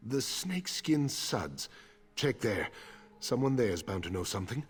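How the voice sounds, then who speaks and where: An actor voicing a gruff, suspicious male soldier in a video game, blunt and scornful. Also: mid-range voice, sing-song, measured pace.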